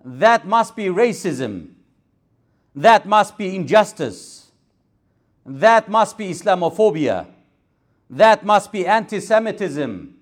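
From a mosque pulpit, a high-pitched male imam delivers a Friday sermon with a repetitive rhetorical cadence and passages of Arabic recitation.

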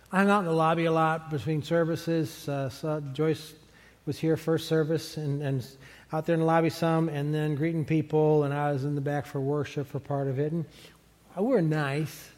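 High-voiced pastor preaching in a reverberant church. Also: male voice. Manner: conversational, animated preaching with laughs. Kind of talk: sermon. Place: large church sanctuary. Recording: long hall reverb from a church sanctuary.

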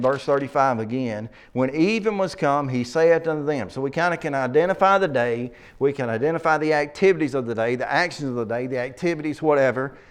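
A man leading a Bible study, reading scripture aloud slowly and asking his listeners questions. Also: on the high side. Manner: reads scripture aloud slowly, then asks the class questions.

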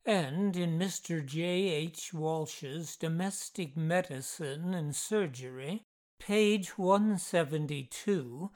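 A woman narrates a ghost story in a measured, deliberate way. Her voice sits on the low side, and she takes her time over every phrase. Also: darkish tone.

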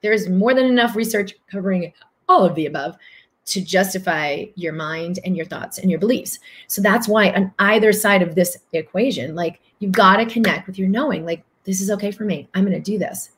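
A woman's voice: medium pitch, moderate pace, a bit bright. A woman hosting a livestream who answers viewer comments as a spiritual coach, talking earnestly and repeating phrases for emphasis. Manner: acts out other people's voices in quotes.

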